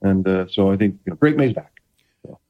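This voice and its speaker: Tinny, narrow audio carries the low, brisk voice of a middle-aged man who once played quarterback. He's a guest in a casual interview, restarting often and keeping a playful manner.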